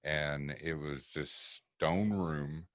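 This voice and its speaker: This is a man with an extremely deep voice, telling a story on a podcast in a relaxed, profane way. He acts out what the other people said as he goes. He sits close to a dry mic with no room sound. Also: very slow, no room sound. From East Tennessee. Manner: profane, vivid storyteller acting out quotes. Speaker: paranormal investigator guest.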